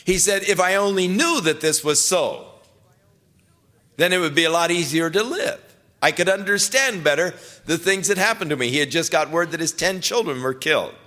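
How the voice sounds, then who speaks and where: An older male pastor teaching the Bible in a relaxed, conversational way, slipping scripture into plain everyday speech. His voice sits a little high for a man. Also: normal speed.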